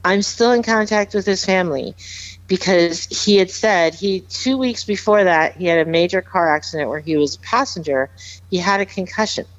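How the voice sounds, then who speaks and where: Woman, podcast guest, heartfelt storytelling, emphatic, low-pitched, dry dull recording. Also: normal speed, no echo. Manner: earnest, emphatic, repeats herself. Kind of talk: heartfelt storytelling, casual chat.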